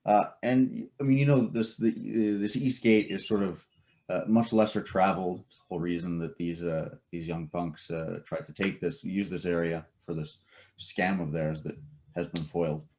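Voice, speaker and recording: A man narrating a tabletop game as game master, casual and halting with many fillers. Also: low voice, fairly even intonation, darkish tone.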